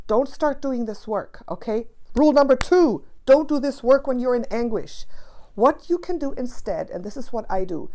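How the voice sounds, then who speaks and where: Woman, spiritual teacher talking to camera; slightly high voice, emphatic and passionate delivery. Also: animated, moderate pace, a little mellow. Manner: passionate, emphatic, repeats key phrases.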